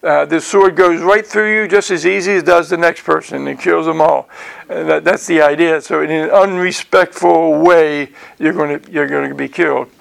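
A man's voice: on the high side, steady tone, normal speed, gravelly. A man teaching through a Bible passage verse by verse in a conversational way, repeating words and using many fillers.

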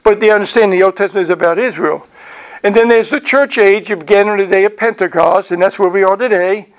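A middle-aged man teaching a sermon as pastor, talking conversationally with frequent "right?" asides and reading scripture aloud slowly. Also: high voice.

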